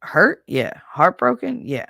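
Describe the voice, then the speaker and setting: Blunt, gravelly-voiced woman telling stories. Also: low-pitched, big pitch swings, slow pace, bright, forceful tone, no echo, clean studio sound. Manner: blunt and profane, acts out quoted people. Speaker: podcast host. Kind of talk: casual storytelling chat.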